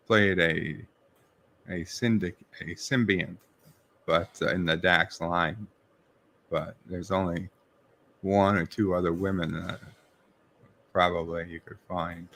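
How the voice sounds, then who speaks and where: A middle-aged man with a New York accent hosts a live stream reviewing a TV episode, reading viewers' chat messages aloud and answering them casually. His voice sits low but comes across pushed and bright.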